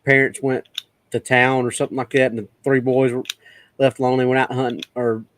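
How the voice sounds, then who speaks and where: A man's voice: medium pitch, level tone, fairly quick, fairly bright tone, no echo. A man on a casual podcast, repeating words as he thinks aloud.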